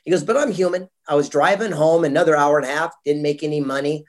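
A man with a slightly high-pitched voice tells a motivational anecdote as an interview guest. He acts out the quoted voices with lively swings in tone. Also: fast. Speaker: guest speaker and entrepreneur. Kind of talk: motivational storytelling.

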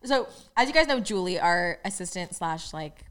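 A young woman co-hosting a podcast in casual chat, giggly and animated as she tells stories. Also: lowish voice, normal speed, smooth. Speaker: podcast co-host.

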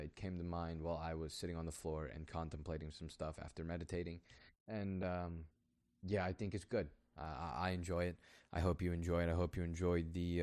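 A man's voice: low voice, darkish tone. A young man hosting his podcast alone, rambling and self-mocking with lots of fillers, and reading a story he wrote. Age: young adult. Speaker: podcast host.

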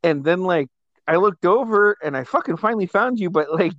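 Profane storytelling man, slightly high voice. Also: brisk, no room sound, dull audio. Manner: profane, animated storytelling with laughter. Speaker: host. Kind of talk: casual storytelling chat.

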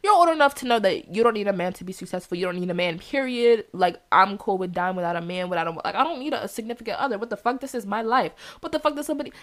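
A young woman hosting a podcast, telling a personal story in a candid, profane monologue and acting out the quoted voices with big jumps in pitch. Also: expressive, racing, few pauses, fairly bright tone. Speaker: podcast host.

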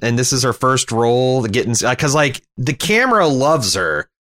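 A man's voice: mid-range voice, animated, normal speed, a bit bright. A man co-hosting a podcast, chatting casually and jokily about a TV episode, rambling with lots of asides. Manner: jokey, rambling, full of asides. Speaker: podcast co-host. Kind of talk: casual TV recap chat.

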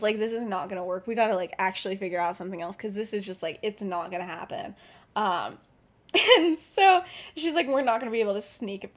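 A young woman casually retelling a story on a podcast, full of fillers and acted-out lines. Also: mid-range voice. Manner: rambling, filler-heavy, acts out characters with laughs. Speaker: podcast co-host.

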